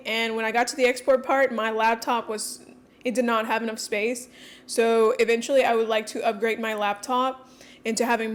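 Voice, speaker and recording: A woman speaking candidly and quickly in a casual personal vlog, with frequent fillers. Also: on the high side. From Mexican heritage. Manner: fast-talking, candid, many fillers. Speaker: coach and content creator.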